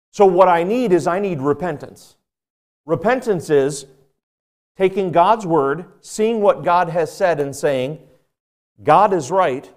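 With a fairly high-pitched voice, a pastor preaches emphatically, echoing key phrases again and again. He questions the congregation and drops from loud stresses into quiet asides.

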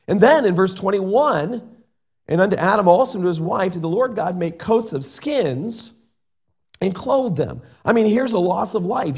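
A middle-aged male pastor delivers an earnest sermon and reads scripture aloud. His voice sits a little high for a man. He moves between loud, emphatic points and quieter asides. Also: husky.

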